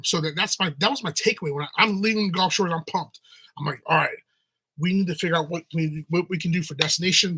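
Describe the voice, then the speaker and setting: A man's voice: a little high, pushed and bright, poor audio. A middle-aged restaurant owner rambling through a casual story, often restarting his sentences and acting out other people's voices.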